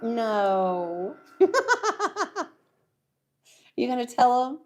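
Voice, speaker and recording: A woman's voice: on the high side, slow, dark tone, slight background noise. A middle-aged woman hosting a craft show, chatting casually and laughing as she works. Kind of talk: casual chat while crafting.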